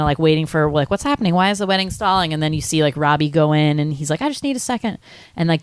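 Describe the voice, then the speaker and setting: A young woman co-hosts a podcast in loose, casual chat, her speech full of "like". Her voice sits a little low. The recording is dry and close, with no room sound. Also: smooth, no echo. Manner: chatty, many likes, acts out quotes in high voices. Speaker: podcast co-host.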